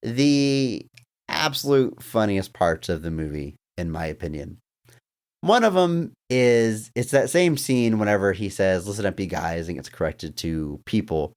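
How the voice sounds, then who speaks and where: A man co-hosting a casual podcast retells scenes with animation, chuckling as he goes. His voice is on the low side and his pace is measured.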